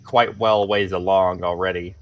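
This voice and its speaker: A man's voice: low voice, flat delivery, moderate pace, highs cut off. A man playing in a tabletop role-playing game, chatting in a laid-back way with short replies. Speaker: player. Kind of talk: casual tabletop game chat.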